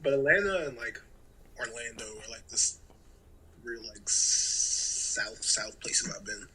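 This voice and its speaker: Male co-host from New York, bright and relaxed, slight room noise. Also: mid-range voice, unhurried, poor audio. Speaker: podcast co-host. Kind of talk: casual chat. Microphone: remote call mic.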